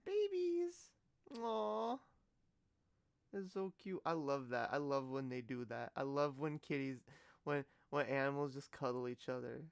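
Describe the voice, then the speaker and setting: A woman's voice: rumbling low, very animated, measured pace, vocal fry, no room sound, faint music behind. A woman streamer in a casual live-stream reaction, giggly and gushing, often exclaiming and trailing off mid-sentence.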